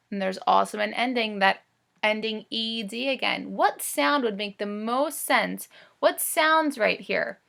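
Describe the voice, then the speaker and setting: A woman teaching first graders to read, slowly sounding out words in a coaxing voice. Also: medium pitch, gravelly, sharp tone. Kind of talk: phonics read-aloud lesson.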